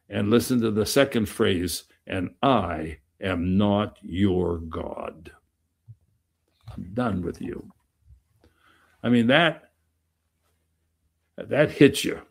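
A man giving a conversational Bible teaching, emphatic and animated, reading verses and breaking off into asides with many restarts. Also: mid-range voice, vocal fry.

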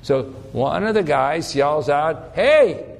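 A man's voice: on the high side, expressive, normal speed. A man teaching a conversational sermon, telling stories in a folksy, rambling way with frequent restarts. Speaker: Bible teacher. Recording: long hall reverb.

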